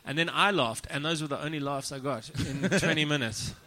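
Male stand-up, South African accent, dry self-mocking delivery, a bit high and very bright. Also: a little fast. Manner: deadpan, profane, self-mocking. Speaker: comedian guest. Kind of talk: casual podcast chat, comic storytelling.

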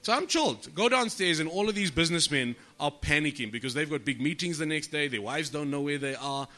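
Comic on a podcast, bright edgy voice, acts out his quotes. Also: a little high, fairly quick. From South Africa. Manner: animated storyteller, swears freely, acts out quotes. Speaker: comedian guest. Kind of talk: storytelling podcast chat.

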